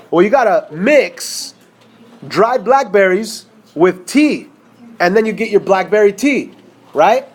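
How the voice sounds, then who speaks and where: A man teaching a math lesson over a whiteboard, talking casually and checking in with his students. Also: high voice.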